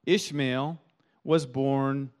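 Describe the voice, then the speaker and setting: A man's voice: mid-range voice, extremely slow. A man pastor preaching a sermon, telling stories animatedly and often repeating words as he thinks. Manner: animated storytelling with quoted voices.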